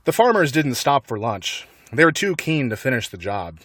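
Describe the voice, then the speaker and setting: A man reading a children's book aloud in an animated way, with light laughs. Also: medium pitch, moderate pace, no room sound. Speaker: narrator.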